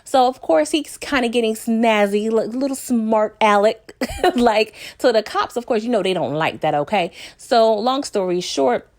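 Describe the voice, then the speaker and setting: A woman chatting casually to her viewers in an episode recap, animated and quick to laugh, leaping up in pitch as she acts out lines. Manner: animated, laughs often, jumps up in pitch when acting out lines; talks straight to viewers.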